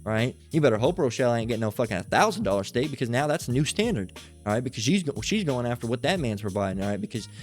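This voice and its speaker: A man's voice: medium pitch, sing-song, fast talker, faint music behind. A man preaching in an unscripted rant, blunt and profane, full of "you know" and "all right?" tags and frequent stammered restarts, with Bible passages read aloud. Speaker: online preacher.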